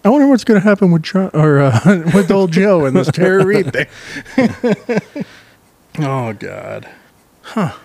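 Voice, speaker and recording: A man's voice: sits high, big pitch swings, measured pace, gravelly, darkish tone, no echo. A man co-hosting a podcast in casual crude banter, laughing often and swearing freely. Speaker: podcast co-host.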